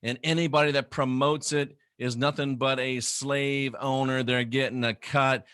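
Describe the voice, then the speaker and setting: A man's voice: medium pitch, level tone, moderate pace, fairly bright tone, smooth, no echo, studio quality. A middle-aged man, a former minister, delivering a sarcastic, scornful ranting monologue to camera. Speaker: former minister turned critic.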